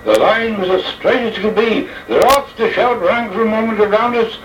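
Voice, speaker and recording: A man recites a dramatic verse tale as an old head jockey, theatrical and deliberate in his phrasing. His voice is slightly high and sounds far from the microphone in a reverberant room. The old recording is dull and muffled, with faint noise underneath. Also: animated, fairly bright tone. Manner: theatrical, slow and deliberate delivery.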